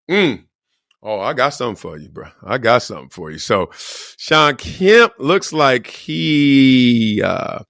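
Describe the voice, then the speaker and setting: A man's voice: lowish voice, a bit bright, dry recording, studio quality. A middle-aged man hosting a casual sports show, talking in slang and acting out quotes in different voices. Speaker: host.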